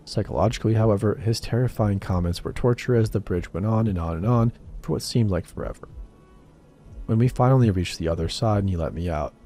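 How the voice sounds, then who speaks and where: Low, dark-voiced male storyteller. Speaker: horror story narrator. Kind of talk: scripted first-person narration.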